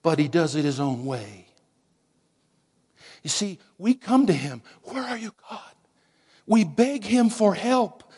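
A male pastor delivering a Christmas-season sermon at an unhurried pace, his voice sitting a little higher than most men's. He swells for emphasis, then sinks to hushed, whispered lines. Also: expressive, husky. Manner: slow, dramatic preaching with hushed whispered moments.

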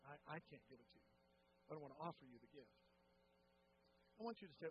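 A male pastor with a high voice delivers an impassioned sermon, swinging from loud emphatic declarations down to near-whispers. The church recording sounds dull and lo-fi, with a faint hum underneath. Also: expressive, quick pace.

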